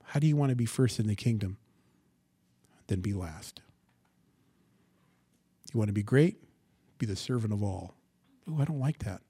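A man preaching a sermon, asking the congregation rhetorical questions and swinging from quiet asides to loud, dramatic scripture reading. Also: lowish voice, lively intonation, moderate pace, long pauses, slightly rough, no room sound. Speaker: pastor.

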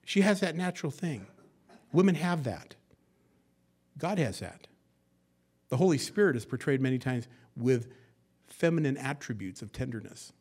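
A man in the pulpit working through scripture verse by verse, his voice sitting at an ordinary middle pitch. He drops to quiet, confiding asides, then surges loud when he reads the text. Folksy jokes and acted-out quotes keep it conversational. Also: animated, moderate pace, pauses often, breathy edge. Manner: swings between hushed asides and loud emphatic verse reading. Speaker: pastor. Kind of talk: expository sermon.

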